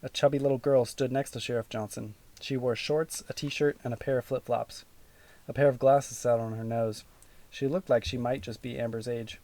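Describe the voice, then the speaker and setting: An audiobook narrator reads a children's book aloud in a steady, even storytelling manner. It's scripted narration in a mid-range male voice at a moderate pace.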